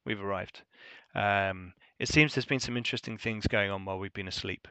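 A man voicing a brisk, tired male spaceship captain who curses casually and speaks in clipped, halting bits. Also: fairly low pitch, pushed and bright, smooth, no room sound. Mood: weary.

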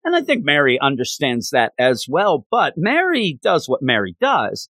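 A man's voice: on the high side, wildly swooping pitch, moderate pace, pushed and bright, dry recording. A man casually reviewing a comic book, rambling through a chatty retelling of the story with lots of fillers.

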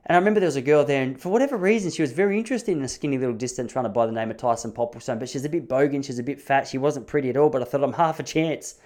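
Fast-talking Australian man telling stories. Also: medium pitch, a little mellow. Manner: rambling, self-mocking, often restarts phrases. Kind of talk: casual comic storytelling.

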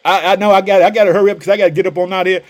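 Fired-up high-voiced male preacher. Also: steady tone, rapid-fire. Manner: fervent, exclaims "hallelujah" often, casual street phrasing. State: pumped up. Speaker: podcast preacher. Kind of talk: energetic preaching sermon.

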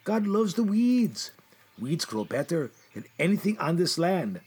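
Brief: fretful man, a gardener sketch, slow, husky and lively, a higher voice. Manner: fretful, muttering to himself, fond with his plants. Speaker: comedic performer as a gardener. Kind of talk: comedy sketch monologue.

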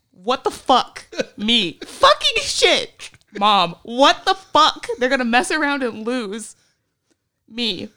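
A woman's voice: fairly high pitch, sharp tone. A woman co-hosting a sports podcast, giving a comic, exasperated dramatic reading of text messages, swearing and laughing along the way. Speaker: podcast co-host.

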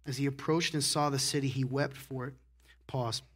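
A man preaching a sermon to his congregation in a casual, conversational way, often asking "right?" and swinging from hushed asides to loud emphasis. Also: mid-range voice, steady tone, normal speed. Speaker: pastor. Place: church sanctuary.

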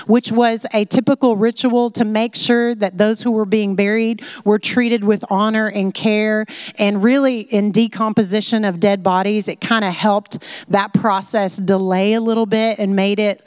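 A woman teaching a conversational Bible lesson in a chatty, animated way, full of "like" fillers. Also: mid-range voice, moderate pace, clean tone, dry recording, clean studio sound.

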